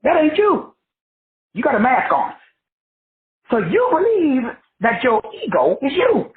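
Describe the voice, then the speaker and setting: A high-voiced, middle-aged man coaching in a loose, streetwise way, swinging his pitch up and down as he acts out other people. The sound is thin and tinny, like a phone line. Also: measured pace. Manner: animated, slangy and profane, acting out other people's voices. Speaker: life coach. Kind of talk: casual motivational talk.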